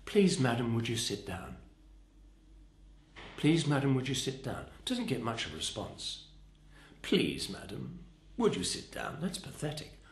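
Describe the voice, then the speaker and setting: Expressive male speaking coach, echoey room. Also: mid-range voice. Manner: expressive, demonstrative, shifts stress to show emphasis. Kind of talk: instructional talk.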